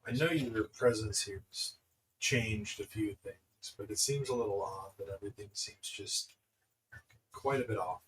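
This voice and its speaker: A man's voice: on the low side, a little slow, fairly bright tone, slight background noise, rough recording. A man playing a tabletop game, speaking hesitantly with plenty of fillers. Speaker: player.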